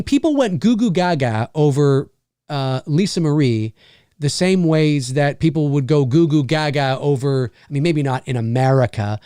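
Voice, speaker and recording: A man hosting a live question-and-answer stream as a voice actor, talking in a rambling, animated way and swearing freely. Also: mid-range voice, smooth, no room sound, studio quality. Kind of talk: casual live-stream chat.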